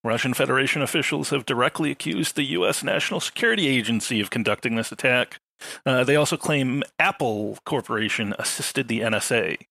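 Speaking as a panelist in a relaxed podcast conversation, a man lays things out at a measured pace, his humor dry and occasional. The voice is mid-range, crisp and bright yet gravelly beneath, captured close and dry with no room sound.

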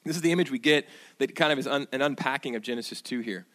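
A male pastor delivering a sermon in a mid-pitched voice. He talks to his listeners with asides and questions. His delivery swings from loud emphatic bursts to hushed, reverent murmurs. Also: quick pace.

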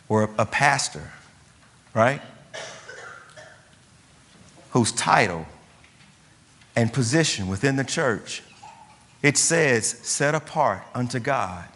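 A man's voice: lowish voice, fairly bright tone. A man preaching a sermon as a pastor, driving his points home with rhetorical questions and emphatic repetition. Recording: long hall reverb.

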